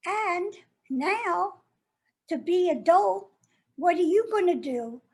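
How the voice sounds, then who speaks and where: A woman playing a bitter, wounded jilted lover, very high-pitched. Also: expressive, takes it slowly, darkish tone, full character voice. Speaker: actor performing a monologue. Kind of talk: stage monologue.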